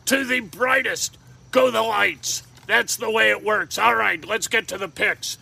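A man's voice: high-pitched, a little slow, creaky, sharp tone, breathy edge. A man giving football and golf betting picks in a jokey, rambling monologue, talking to himself. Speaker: sports betting picks host.

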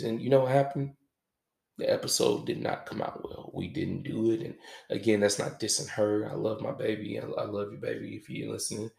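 Very gravelly man, roomy echo. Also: fairly low pitch, darkish tone. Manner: halting, reflective, casual with swearing. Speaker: podcast host. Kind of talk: confessional podcast monologue. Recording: echoey room.

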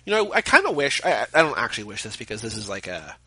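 A man's voice: mid-range voice, wildly swooping pitch, fast, sharp tone, breathy edge, no echo, low-quality recording. A man co-hosting a podcast, chatting casually about movies with jokey, rambling asides. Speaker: podcast co-host. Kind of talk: casual movie commentary chat.

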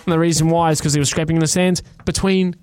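Speaking fast, this male co-host has a fairly high, smooth voice with a darkish tone and fairly even intonation. He covers light news stories on the radio in a chatty, joking, rambling way full of fillers.

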